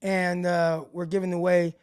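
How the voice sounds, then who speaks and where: A man's voice: high voice, little pitch movement, normal speed, darkish tone, smooth, no room sound, clean studio sound. A man hosting a casual livestream sports show, talking loosely with frequent restarts and side tangents. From Stockton, California. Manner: rambling, loose, restarts sentences.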